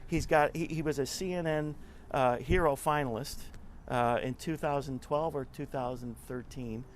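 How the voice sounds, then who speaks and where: A man's voice: a little high, moderate pace, a little hiss or hum. Earnest man retelling a story. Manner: earnest, repeats words while telling stories. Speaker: interview guest. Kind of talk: conversational storytelling.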